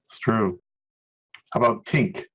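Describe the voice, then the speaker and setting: Game master, man, fairly low voice, dry jokes, muffled lo-fi sound. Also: takes it slowly, a bit bright. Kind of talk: narrating a tabletop game. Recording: dull lo-fi sound.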